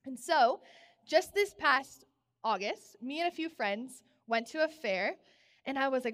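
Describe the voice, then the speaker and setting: Young woman giving a sermon, high voice, bubbly and animated, big echoey church. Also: unhurried. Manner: bubbly storytelling, animated exclamations. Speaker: preacher. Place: church sanctuary. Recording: long church reverb.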